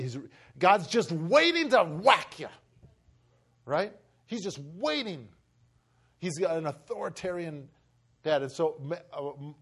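A man preaching a sermon and telling a personal story, talking with many fillers and restarts. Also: on the high side. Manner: emotional, acts out family voices, rising to shouts.

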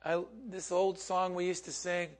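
A man's voice: sits high, little pitch movement, moderate pace. A man preaching a sermon in a conversational way, asking his listeners questions and laughing along with them. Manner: conversational, asks the congregation questions, laughs often.

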